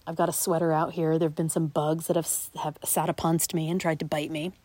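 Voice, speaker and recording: A woman's voice: deep voice, little pitch movement, a little fast, a little mellow, dry recording. A woman in her late forties hosting a solo podcast, talking reflectively and often dropping into a whisper. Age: 40s. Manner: reflective, frequently whispering and laughing. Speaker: podcast host. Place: outdoors in a backyard at night.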